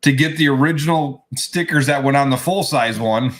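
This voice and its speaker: A man's voice: mid-range voice, moderate pace. A man co-hosting a casual chat, telling a story in a rambling way with many restarts. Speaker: co-host.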